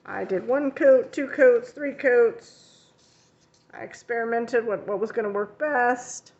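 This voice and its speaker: Her voice is a little high with a darkish tone, and she speaks slowly in lo-fi audio. The art teacher behind a coloring channel casually shows her finished pages in a vlog, rambling on with frequent fillers and corrections of herself.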